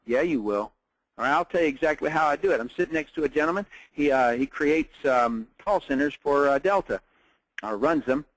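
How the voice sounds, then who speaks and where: A man's voice: fairly high pitch, animated, moderate pace, no echo, rough recording. A middle-aged man giving a webinar business training in a casual, storytelling way, with lots of fillers. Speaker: network marketing trainer.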